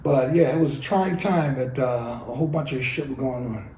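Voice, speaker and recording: A man's voice: medium pitch, fairly quick, a little mellow, reverberant, a little hiss or hum, rough recording. A man, telling his life story bluntly and profanely in an oral history interview. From New York City.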